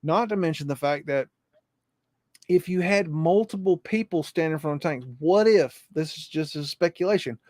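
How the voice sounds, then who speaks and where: A man's voice: on the high side, moderate pace, darkish tone, no echo. Rambling, profane man with a dry sound. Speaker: podcast host. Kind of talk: live podcast talk.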